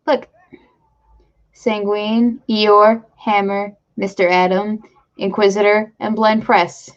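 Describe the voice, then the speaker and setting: A woman hosting her own live stream, chatting casually and rambling with self-deprecating asides to her viewers. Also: mid-range voice. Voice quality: gravelly fry in voice. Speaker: streamer host. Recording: slightly dull lo-fi stream mic.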